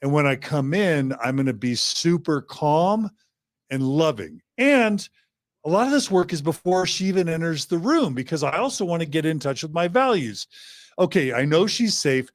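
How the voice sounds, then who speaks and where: A man's voice: on the high side, expressive, normal speed, dry recording, clean studio sound. A man hosting a podcast, earnestly walking through a coaching scenario step by step. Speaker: podcast host. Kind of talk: coaching demonstration.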